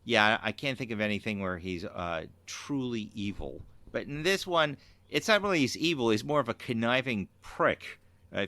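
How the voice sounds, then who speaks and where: A male podcast co-host in casual chat, relaxed and quick to laugh. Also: medium pitch, clear, resonant tone, dry recording.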